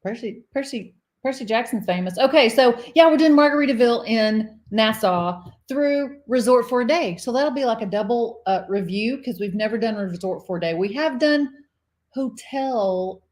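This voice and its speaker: A woman's voice: a little high, animated, moderate pace, darkish tone. A middle-aged woman, co-hosting a cruise vlog live stream. She chats casually, laughs often and reads viewer comments aloud. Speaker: cruise vlogger co-host.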